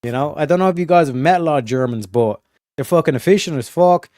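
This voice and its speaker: A man's voice: fast talker, a little mellow, no room sound. Guy streaming, rambles a lot, swears nonstop, lots of likes and you-knows, flips between pushy and mumbly, dry close sound. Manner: profane, filler-heavy, restarts often; swings from emphatic to low muttered asides. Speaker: streamer hosting a study session. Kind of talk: casual rambling monologue.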